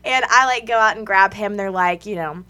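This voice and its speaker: A woman's voice: mid-range voice, moderate pace, clear, resonant tone. Chatty young woman telling a story. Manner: animated, laughing, acts out quotes. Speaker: guest. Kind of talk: casual storytelling chat.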